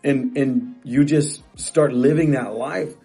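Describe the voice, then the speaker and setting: A man's voice: medium pitch, takes it slowly, creaky, warm tone, husky, soft background music. A middle-aged man coaching real estate agents in a motivational talk, emphatic and repetitive, often restarting phrases.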